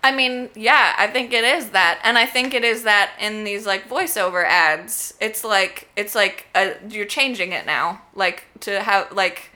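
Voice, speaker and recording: A woman's voice: mid-range voice, measured pace, hardly any pauses, pushed and bright. A woman hosting a podcast in casual chat, talking in loose runs full of filler words. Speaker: podcast host.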